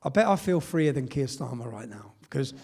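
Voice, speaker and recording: A man's voice: medium pitch, very animated, brisk, vocal fry, mellow. A middle-aged English man from Britain giving a live speech, telling his story emphatically and often tagging sentences with "yeah?". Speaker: public speaker. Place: event hall.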